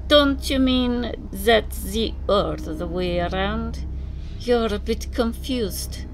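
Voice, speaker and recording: A woman voicing a jovial middle-aged man with a Slavic accent, slow and beaming. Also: fairly high pitch, a little hiss or hum, voice pushed up. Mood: sly. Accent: Slavic, put on.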